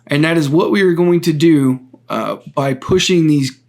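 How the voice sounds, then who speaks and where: A man hosting his own podcast, talking through a topic on his own in an earnest, deliberate way, often stopping to restart a phrase and explain step by step. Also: fairly high pitch, darkish tone. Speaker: podcast host. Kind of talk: solo political commentary.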